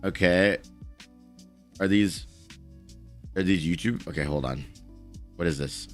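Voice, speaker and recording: A man's voice: low-pitched, slow, faint music behind. A man live-streaming, commenting bluntly and heatedly, with plenty of swearing as he reacts and reads aloud. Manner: blunt, profane, heated ranting.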